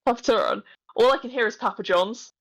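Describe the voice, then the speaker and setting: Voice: medium pitch, a little fast, creaky, a bit bright, dry recording, rough recording. A podcast co-host chatting casually and teasing the other host playfully. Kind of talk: casual chat.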